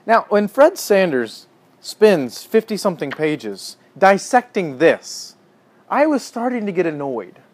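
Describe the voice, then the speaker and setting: A man leads a teaching sermon in a relaxed, conversational way. He speaks earnestly, rising to emphatic bursts and then sinking to a quiet hush. His voice sits at a middle pitch. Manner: earnest, animated, swings from emphatic to hushed. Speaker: pastor or Bible teacher.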